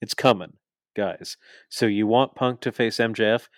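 A man with a lowish voice recaps the show in loose, excitable chat, swearing freely and laughing along. The sound is dry and close, with little room around it. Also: normal speed, no echo. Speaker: podcast co-host. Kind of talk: casual wrestling recap chat.

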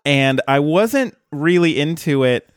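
A podcast co-host with a slightly high, expressive, resonant voice talks slowly and clearly about a cartoon episode in a casual chat. He's enthusiastic, laughs a lot, and quotes lines with a grin. The studio-quality recording has no room sound.

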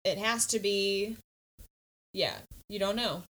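Young woman, mid-pitched, casual and halting. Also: a bit bright, rough recording. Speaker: podcast co-host. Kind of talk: casual book discussion.

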